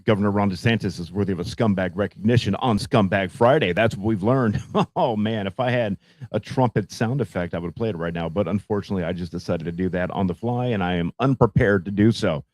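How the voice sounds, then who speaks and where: Low-voiced guy ranting on his show, sarcastic, swears a lot. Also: fairly quick, a little mellow, no echo. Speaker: radio show host. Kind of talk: ranting political commentary.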